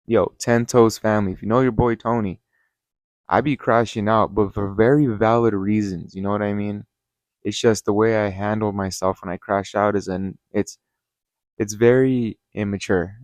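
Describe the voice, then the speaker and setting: A man's voice: on the low side, darkish tone, dry recording. A man hosting his channel, telling a casual story-time review in a rambling, worked-up way, with lots of swearing and "you know". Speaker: channel host.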